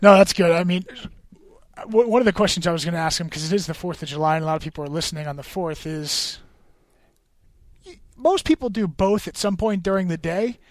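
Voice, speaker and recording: A man's voice: high-pitched, brisk, no echo. A man co-hosting a podcast in casual chat, joking and trading playful banter. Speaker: podcast co-host.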